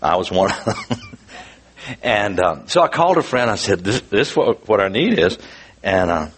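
Man preaching a sermon with earnest testimony; husky tone, very expressive pitch. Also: normal speed. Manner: earnest, animated storytelling with frequent restarts.

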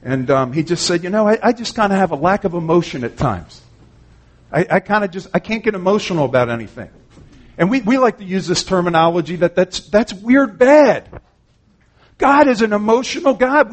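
A man's voice: high voice, expressive, a little fast. A man preaching an earnest, conversational sermon, retelling conversations and often saying "man". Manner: frequent "man" and restarts.

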